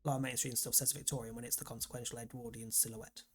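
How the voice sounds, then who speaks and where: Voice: mid-range voice, level tone, fast, slightly rough. Sweary streamer reading a game. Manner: sweary and self-deprecating. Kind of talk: casual game commentary and read-aloud.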